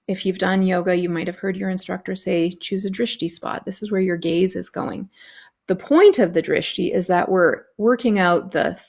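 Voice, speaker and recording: A woman hosting a self-care show, leading a breathing practice in a calm, instructive way. Her voice has a gravelly edge, with frequent fry at the ends of phrases. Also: mid-range voice. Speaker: host and yoga instructor.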